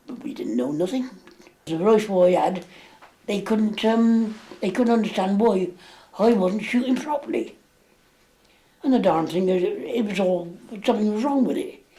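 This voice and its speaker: An English war veteran recounts memories in an interview, rambling with plenty of fillers and dialect grammar. His voice sits high, animated and warm, at a normal speed.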